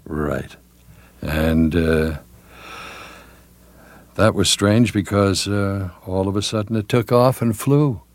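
A man's voice: low-pitched, takes it slowly, long pauses, dry recording. An older man, a veteran television announcer, reminiscing in an interview with many fillers and restarts.

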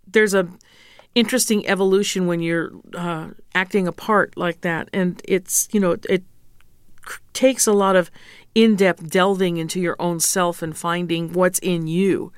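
A woman's voice: lowish voice, steady tone, moderate pace, smooth, no echo, studio quality. A woman opera singer as an interview guest, frank and teasing as she coaches pronunciation. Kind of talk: casual interview.

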